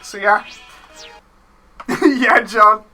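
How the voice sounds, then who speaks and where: A woman streaming a game, chatting casually with her viewers and reading their chat messages out loud. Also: mid-range voice, extremely slow. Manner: reads chat messages aloud, chatty and laughing. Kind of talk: casual gameplay stream commentary. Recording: faint game music behind.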